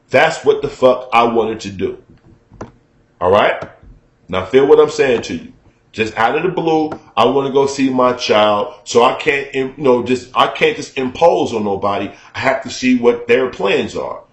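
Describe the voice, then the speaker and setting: A man's voice: medium pitch, echoey room. A man telling a personal story to his viewers as a profane, conversational rant, often checking in with the listener. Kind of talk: casual storytelling rant to camera.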